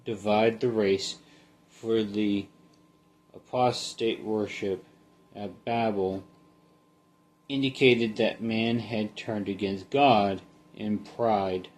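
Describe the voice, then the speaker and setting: A man giving a casual Bible study, reading a passage in a halting way and then talking it through conversationally. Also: on the low side. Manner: slow, halting, reads then comments conversationally. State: sleepy, yawning.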